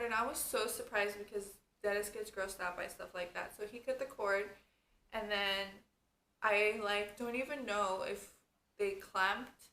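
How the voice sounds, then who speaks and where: A woman's voice: mid-range voice, measured pace, bright, forceful tone. A young woman vlogger telling a story in casual chat, saying "like" and "you guys" constantly. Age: young adult. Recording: echoey room with faint background noise.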